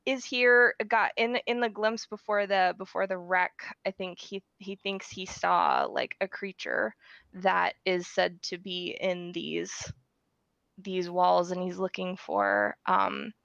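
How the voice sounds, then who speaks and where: Slow, rambling woman describing her character. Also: lowish voice, vocal fry, fairly bright tone, no echo, muffled recording. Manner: rambling, searching for words, many "um" and "like". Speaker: player.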